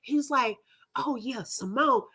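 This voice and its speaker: A woman with a high, husky voice hosts a casual live chat, telling an animated story at an unhurried pace. She laughs often and talks directly to her chat as a livestream host.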